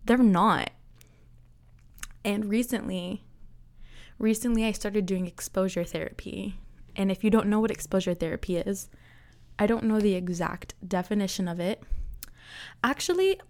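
A young woman in her twenties talks through a solo podcast episode, unhurried and chatty. She laughs easily and leans on "like" between thoughts. Her pitch sits in an ordinary middle range. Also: a little mellow. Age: 20s. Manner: chatty, laughs often, says "like" a lot. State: out of breath. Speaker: podcast host. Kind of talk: casual solo podcast chat.

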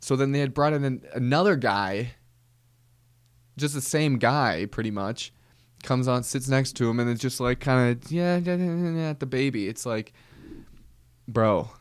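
A man hosting a comedy podcast, telling a rambling deadpan story with casual slang. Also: medium pitch, normal speed, pauses often, no room sound. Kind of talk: comedic monologue.

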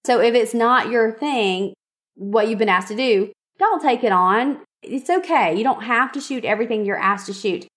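A woman's voice: a little high, moderate pace, a bit bright. Upbeat woman podcast host. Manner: upbeat, encouraging, chatty with frequent "okay?" and "y'all". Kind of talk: solo podcast advice talk.

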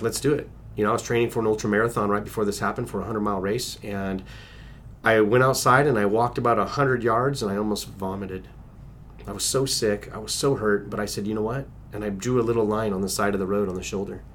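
A man's voice: on the low side, steady tone, brisk, fairly bright tone, a little hiss or hum. A middle-aged man recounting a personal story as an interview guest, earnest, with restarts and acted-out quotes.

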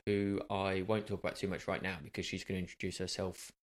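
A man's voice: sits low, level tone, quick pace. A man co-hosting a casual podcast chat, teasing and jokey, rambling with plenty of fillers. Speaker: podcast co-host.

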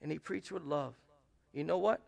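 A man preaching from the pulpit, his voice a touch higher than most men's and rough with gravel. He builds to loud, pressing peaks, then drops to hushed, tender passages as he drives his points home. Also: normal speed. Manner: preaches with swings between loud emphatic rises and soft hushed quotes. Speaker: pastor. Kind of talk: sermon. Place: church sanctuary.

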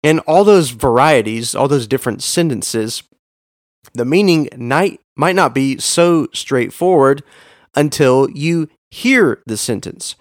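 An earnest male podcast host teaching in a direct, emphatic way, leaning hard on key words with sudden jumps in pitch. His voice sits in an ordinary middle register and sounds dry and close, with almost no room around it. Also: expressive, takes it slowly, dry recording. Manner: emphatic, stresses words with big pitch swings; earnest, addresses the listener directly.

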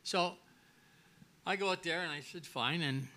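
A man's voice: a little high, a little slow. An older man, a guest at a live restaurant event, telling a story casually and acting out the dialogue, with frequent restarts. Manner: animated, acts out dialogue, many restarts.

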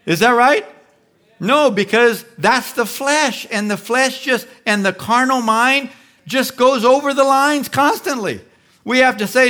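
Male pastor preaching, high bright voice, acts out little voices as he goes. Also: a little slow. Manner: animated preaching, acting out inner voices. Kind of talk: sermon.

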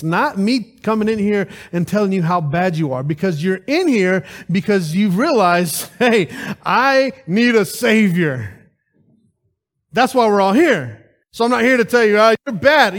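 A man preaching a lively sermon at a church service, calling out to the congregation with rhetorical questions. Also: high-pitched.

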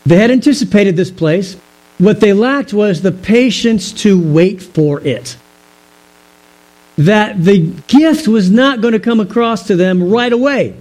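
A man with a fairly high, mellow voice teaches from scripture in a sermon. He talks in a measured, explanatory way and puts rhetorical questions to his listeners. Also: animated, low-quality recording. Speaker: pastor.

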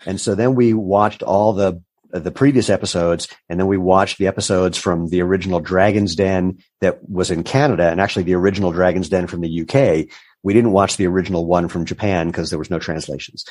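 Talking fairly quickly in a low voice, a man in his fifties who founded a business shares stories as an interview guest, animatedly performing the voices of those he quotes. The casual interview has no room sound.

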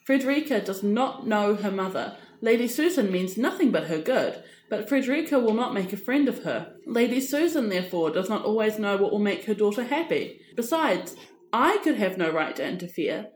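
A woman voicing a flustered young gentleman. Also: medium pitch, sing-song, close to an everyday voice. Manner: flustered, hurried, apologetic. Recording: echoey room.

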